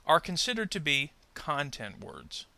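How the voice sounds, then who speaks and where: A man teaching pronunciation in a scripted lesson, his voice very bright and a little gravelly. He lays out each point slowly and clearly, and the pitch rises and falls widely as he leans on the stressed words. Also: wildly swooping pitch, no room sound. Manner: slow, deliberate, over-articulated model sentences for learners to repeat. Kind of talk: scripted instructional narration.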